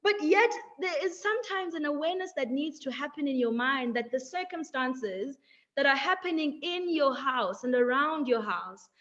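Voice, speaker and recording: High-voiced woman speaking slowly. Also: lively intonation, fairly bright tone, dull audio. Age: young adult. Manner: measured, drawn-out phrasing, frequent "like" and "right?". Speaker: webinar speaker. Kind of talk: reflective motivational talk.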